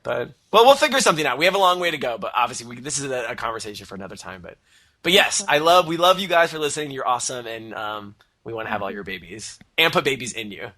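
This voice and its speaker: Male podcast co-host, casual rambler, animated delivery with a bright, forward tone. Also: mid-range voice, fast talker. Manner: rambling with many "like" fillers and laughter. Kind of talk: casual chat.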